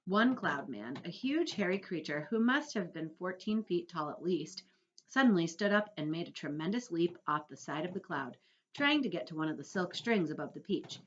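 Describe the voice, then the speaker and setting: Woman teacher, expressive read-aloud, animated, muffled home recording. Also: fairly low pitch, moderate pace. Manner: expressive storytelling.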